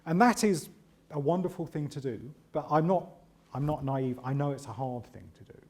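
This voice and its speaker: A man presenting a conference talk in a lively, conversational way, with a voice sitting a little higher than most men's. He keeps nudging the audience with "right?" and pokes fun at himself as he goes. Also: moderate pace. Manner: animated and chatty, often tags lines with "right?"; self-deprecating humour. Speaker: conference speaker.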